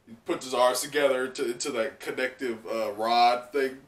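A young man hosting a live comic reaction, excitable and full of fillers and laughs. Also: medium pitch, normal speed, far from the mic. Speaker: manga reaction channel host. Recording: roomy sound from off mic.

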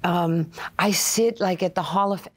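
An older woman from Queens, telling stories as an interview guest, animated and full of fillers and quoted asides. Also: lowish voice, normal speed. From Queens, New York. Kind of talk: casual interview storytelling.

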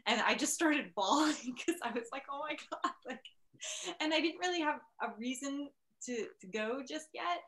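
A woman's voice: high voice, expressive, moderate pace, a bit bright, slight background noise. A woman on a panel, chatting casually and telling a personal story with lots of fillers. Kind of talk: casual chat.

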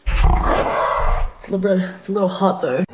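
A woman's voice: medium pitch, moderate pace, lo-fi sound. A young woman vlogging casually at home, bubbly and chatty with playful asides. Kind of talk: casual vlog talk to camera. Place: at home, small rooms. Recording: echoey home room with music.

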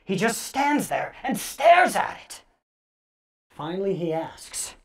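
A woman's voice: medium pitch, sing-song, slow. Theatrical woman reading scary stories. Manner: theatrical, hushed dips and sudden loud bursts. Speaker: storyteller. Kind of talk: dramatic scary story reading.

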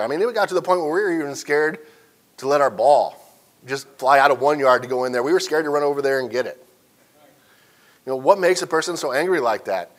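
A man's voice: medium pitch, fast. A man from central Illinois teaching a church Sunday school lesson, telling folksy stories and asking the class questions. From central Illinois, USA.

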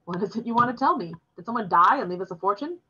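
Woman doing a proud stern father, curt and quick-tempered, husky bright voice, dull lo-fi sound. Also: mid-range voice, lively intonation. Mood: teasing.

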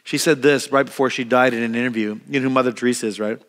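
A man's voice: medium pitch, steady tone, fast, fairly bright tone. A man preaching a sermon as pastor, talking in a conversational way, repeating words as he restarts and acting out quoted prayers. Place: church hall. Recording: long reverb of a church hall.

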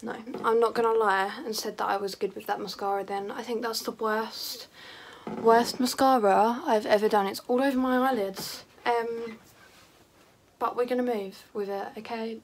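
A woman's voice: a little high, fairly even intonation, moderate pace, slight background noise. A teenage girl talking casually through her makeup routine, chatty and self-mocking, drifting into rambling asides. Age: teens. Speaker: beauty vlogger. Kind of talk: casual makeup tutorial chat.

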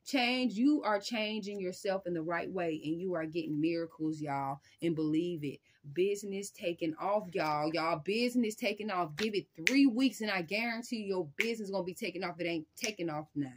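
A woman giving a casual spiritual tarot reading in a slangy, emphatic way. She keeps repeating phrases to her viewers and breaks into sudden loud, high bursts. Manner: emphatic, repeats "y'all" and "I'm telling you". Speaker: tarot reader.

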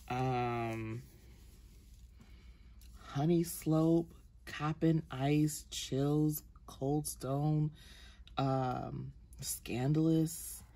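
A woman's voice: rumbling low, vocal fry, darkish tone. A woman vlogger chatting casually through her makeup collection, rambling with ums and self-corrections. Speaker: beauty vlogger.

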